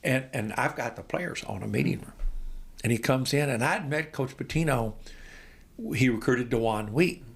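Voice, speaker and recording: A man in his sixties, a basketball coach, telling animated stories as a podcast guest and getting amped up as he goes. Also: medium pitch, normal speed, vocal fry, breathy edge. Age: 60s. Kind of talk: storytelling in an interview.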